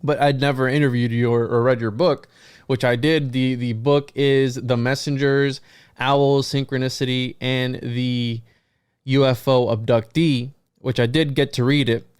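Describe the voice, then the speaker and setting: A male podcast host in an easy, conversational storytelling mode, his voice smooth and clear at a middle pitch. He gets animated as he acts out quotes from other people. The sound is close and dry, with no room around it. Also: a little slow, no room sound. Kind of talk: casual storytelling to guests.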